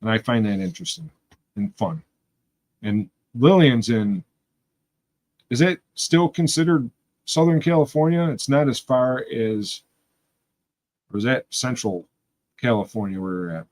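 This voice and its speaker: A man's voice: medium pitch, lively intonation, unhurried, long pauses, a little mellow. Chatty man from Western New York. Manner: rambling, chatty, talks to chat. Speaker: livestream host. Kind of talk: casual chat with live viewers.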